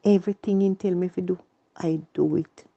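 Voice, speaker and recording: A woman's voice: fairly low pitch, fairly even intonation, fairly quick, gravelly, mellow, muffled recording. A woman with a Jamaican accent telling her personal story in earnest, repetitive Patois. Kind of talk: emotional personal testimony.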